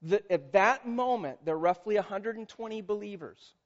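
A male pastor delivers a sermon in an animated, conversational way, tossing questions to his listeners. His voice sits fairly high for a man. The recording sounds dull and lo-fi. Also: moderate pace. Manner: animated, conversational, quizzes audience.

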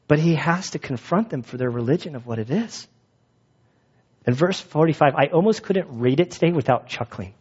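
Male pastor, relaxed joking sermon delivery in a church; a touch high-pitched, muffled sound. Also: slightly rough. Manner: casual, joking, conversational. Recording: dull lo-fi sound.

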